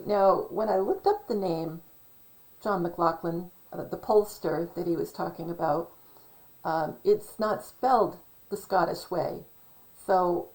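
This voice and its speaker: A woman's voice: fairly low pitch, darkish tone, rough recording. A woman hosting her own vlog, rambling casually and thinking aloud, spelling out names as she goes. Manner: many fillers and restarts, musing. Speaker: channel host.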